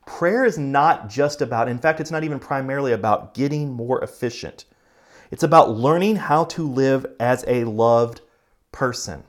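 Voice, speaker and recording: A male pastor delivering a sermon in an earnest, conversational way. His voice sits at an ordinary middle pitch, and his pace swings between quick bursts and slow, stressed phrases. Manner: conversational preaching, earnest, speeds up and slows for emphasis.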